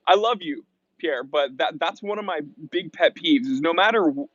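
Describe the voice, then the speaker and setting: A man's voice: fairly high pitch, animated, moderate pace, fairly bright tone, dry recording, dull audio. A man hosting a casual livestream outdoors, chatting and greeting viewers as he reads their comments aloud. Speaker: livestream host. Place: outdoors in the shade.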